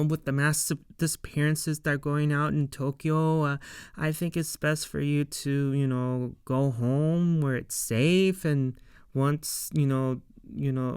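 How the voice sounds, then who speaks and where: A man's voice: a little high, smooth, no echo, studio quality. A man casually recapping and reviewing a TV episode, rambling with lots of fillers as he retells scenes. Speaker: show reviewer.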